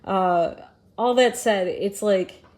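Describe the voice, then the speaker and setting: A woman's voice: medium pitch, slow pace, a little mellow. A woman from Michigan co-hosting a casual political podcast, telling stories bluntly with swearing and laughter. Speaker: podcast co-host.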